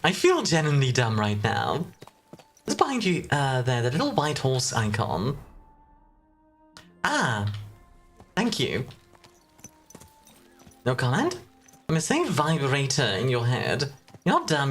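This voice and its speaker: A woman's voice: extremely low pitch, wildly swooping pitch, a little slow, pauses often, soft background music. A young woman streaming a game in casual chat, playful and self-mocking, often breaking into laughter.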